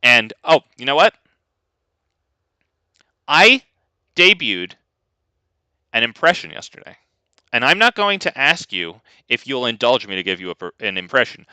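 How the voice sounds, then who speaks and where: A man's voice: medium pitch, expressive, normal speed, pauses often, pushed and bright, smooth, no echo. A man streaming a card game, ranting casually and talking to his chat. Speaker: gaming streamer. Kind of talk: casual live gameplay commentary.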